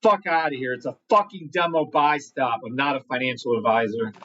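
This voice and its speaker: A man's voice: mid-range voice, a little fast, sharp tone, dull audio, slight background noise. A man hosting a live trading stream, greeting chat by name and talking bluntly with lots of swearing. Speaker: livestream trading host. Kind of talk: live market commentary reading chat.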